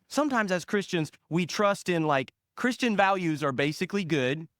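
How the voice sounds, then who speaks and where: A man preaching a sermon as pastor, leaning hard on single words and letting phrase ends fall soft and low. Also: clear, resonant tone, dry recording, studio quality. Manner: slow, emphatic stress on single words.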